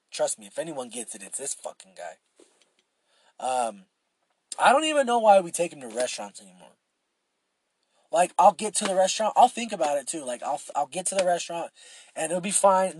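A man's voice: a little high, expressive, fairly quick, a little hiss or hum. A young man hosting a solo podcast, rambling casually with lots of swearing and filler words. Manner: rambling and profane, with frequent fillers and restarts. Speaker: podcast host.

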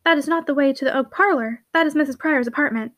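A woman reading the part of a bold, witty young heiress who teases with lively, quick exclamations. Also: high-pitched, no room sound. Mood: commanding.

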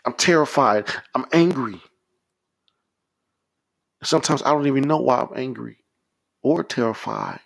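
A man's voice: medium pitch, unhurried, gravelly, pauses often, fairly bright tone. A man preaching a podcast sermon, leading prayers in a fervent, repetitive, exhorting way.

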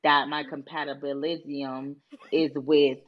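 A woman's voice: sits low, level tone, slow, highs cut off. Rambling playful woman podcaster. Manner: playful, rambling, laughs often. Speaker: podcast co-host. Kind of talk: casual chat among friends.

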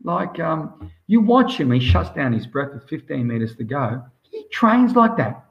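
A man's voice: fairly high pitch, big pitch swings, measured pace, muffled recording. An Australian man, a swimmer being interviewed, chatting casually and enthusiastically in long rambling stretches. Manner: enthusiastic, rambling, says "mate" constantly.

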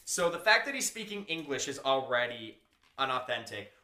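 A man's voice: medium pitch, big pitch swings, normal speed, bright, forceful tone, echoey room. A man hosting a casual group chat about games, talking in a chatty way with many fillers. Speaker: podcast host.

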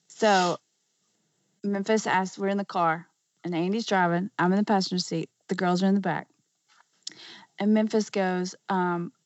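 A woman co-hosting a podcast, telling a family story briskly and acting out what the children said. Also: medium pitch, steady tone, no room sound. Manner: brisk narration, acts out quoted kids' lines. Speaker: podcast co-host. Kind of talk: casual storytelling. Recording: dry, dull lo-fi podcast audio.

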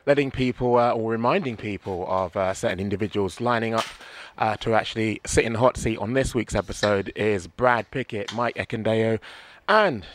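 A man's voice: fairly low pitch, normal speed, a little hiss or hum. A man hosting a podcast, chatting in a playful, teasing way with his co-host and guests. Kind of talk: casual interview chat.

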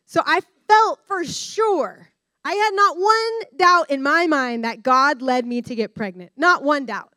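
A young adult woman giving a candid, animated personal-story sermon to students as a guest speaker. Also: high voice, unhurried, no echo. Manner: candid, animated storyteller who addresses the room directly. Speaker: guest speaker at a discipleship school.

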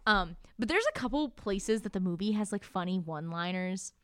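A woman's voice: mid-range voice, expressive, brisk, clear, resonant tone, dry recording. A woman co-hosting a podcast, chatting casually about a book and often laughing and acting out quotes. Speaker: podcast co-host.

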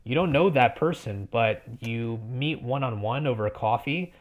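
Twenties guy on a podcast, earnest, keeps restarting sentences, middle pitch. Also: animated, moderate pace. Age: 20s. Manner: earnest, restarts often, encouraging. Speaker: guest. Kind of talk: conversational podcast interview.

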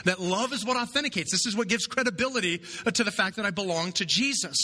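A pastor delivers a sermon in a high, pushed, bright voice that carries a big-room sound. His tone is conversational, and he keeps checking in with listeners by asking "right?" over and over.

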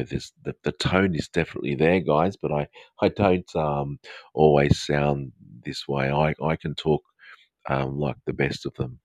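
A man's voice: vocal fry, no room sound. A middle-aged male counsellor from the north of England with a mixed Australian and southern English accent, hosting a live podcast in a rambling, friendly way with many ums and restarts. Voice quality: baritone. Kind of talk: live podcast talk to listeners.

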